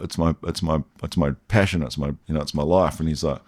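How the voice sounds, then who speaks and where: A man's voice: low voice, normal speed, few pauses. A New Zealand man in casual conversation, telling stories and lifting his voice when he quotes people. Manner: animated, lifts his voice for quoted dialogue. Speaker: guest, BMX rider. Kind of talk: casual storytelling chat.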